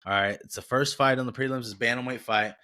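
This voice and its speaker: A man's voice: medium pitch, steady tone, fast talker, sharp tone. A young man hosting a sports podcast, talking in a casual, rambling, slangy way and correcting himself as he goes. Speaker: podcast host.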